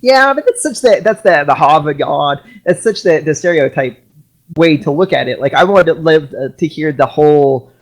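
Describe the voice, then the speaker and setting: A man's voice: fairly high pitch, animated, normal speed. Rambling male podcast host. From Washington state, US. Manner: rambling, frequent restarts and ums. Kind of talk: casual panel chat.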